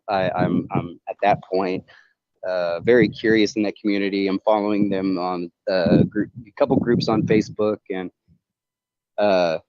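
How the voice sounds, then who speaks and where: A man with a very deep voice talks on a livestream call, earnest and confessional, stopping and restarting his sentences as he rambles on. The sound is dull and lo-fi, and dry. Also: darkish tone, no echo. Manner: halting and rambling, many restarts. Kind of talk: casual chat on a livestream call.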